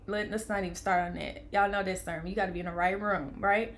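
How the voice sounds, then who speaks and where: A woman's voice: mid-range voice, quick pace, few pauses. Chatty young woman telling her birth story. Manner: animated, acts out quoted voices, laughs often. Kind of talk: casual storytelling to camera.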